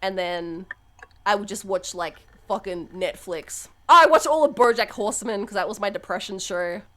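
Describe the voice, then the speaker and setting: A young woman streamer chatting candidly on a live stream, swearing freely and breaking into loud laughs. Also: medium pitch, expressive, moderate pace. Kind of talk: casual live-stream chat.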